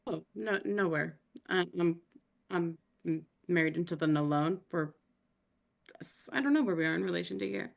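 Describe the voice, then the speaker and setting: A woman's voice: on the low side, moderate pace, vocal fry. A woman playing a tabletop role-play, talking in a casual, hesitant, rambling way. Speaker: player. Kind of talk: casual tabletop game talk.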